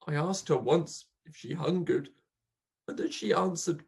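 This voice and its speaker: Someone reciting as a husky, grieving old pauper man. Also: medium pitch, unhurried, heavily acted. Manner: melodramatic, swinging from hushed to loud. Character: grief-stricken old male pauper, bitter and accusing. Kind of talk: dramatic poetry recitation.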